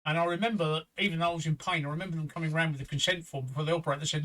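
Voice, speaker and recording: A man's voice: on the high side, steady tone, racing, few pauses, a bit bright, rough recording. An older man in his sixties telling a story in a casual chat with blunt, sweary talk and short breath. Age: 60s. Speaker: stream host.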